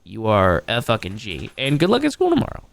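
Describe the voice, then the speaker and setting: A man's voice: fairly low pitch, huge pitch swings, brisk, vocal fry. A man streaming a casual reaction, crude and joking, talking to his chat.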